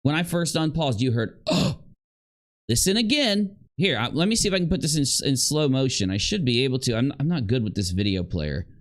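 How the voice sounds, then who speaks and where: A man's voice: medium pitch, animated, a little fast, few pauses. A man hosting a commentary channel, emphatically breaking down clips and repeating his points. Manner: emphatic, repetitive, mimics the woman in quotes. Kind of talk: drama commentary, analyzing clips.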